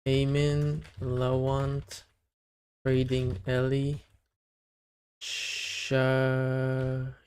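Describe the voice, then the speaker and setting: A man's voice: medium pitch, completely flat delivery, extremely slow, pauses often, a little mellow, clean tone. A young man on a casual live stream, chatting to his viewers and reading out their names one by one. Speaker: livestreamer running a giveaway.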